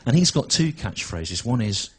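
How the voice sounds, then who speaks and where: A man, doing a stand-up routine in a halting, deadpan way with restarts and asides. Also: mid-range voice, slight background noise, low-quality recording. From England. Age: 40s. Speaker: stand-up comedian. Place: comedy venue with a live audience.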